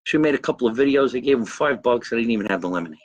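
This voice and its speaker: A man's voice: medium pitch, lively intonation, racing, no room sound. A man hosting a live comedy stream from his backyard grill, rambling, boasting and greeting viewers by name. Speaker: host of a live comedy show. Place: backyard by a grill and pool, outdoors.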